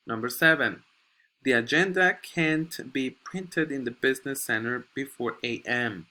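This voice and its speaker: A man teaching a recorded English grammar lesson, speaking at a slow, deliberate pace. His tone is bright and forceful. He reads example sentences from the book aloud and often checks with his students. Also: mid-range voice. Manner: checks in with frequent "okay?".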